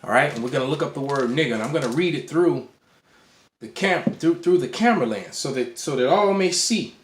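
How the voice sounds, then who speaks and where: A man's voice: medium pitch, lively intonation, brisk, slight background noise. A man teaching to a camera in a casual way, often restarting words and checking in with "all right". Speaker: bible teacher. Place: indoor room. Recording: roomy echo.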